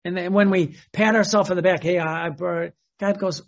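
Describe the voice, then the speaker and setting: A man's voice: high-pitched, expressive, normal speed, creaky, dull audio. A man who is a Catholic priest, preaching a sermon in a conversational way, often repeating words and acting out quotes.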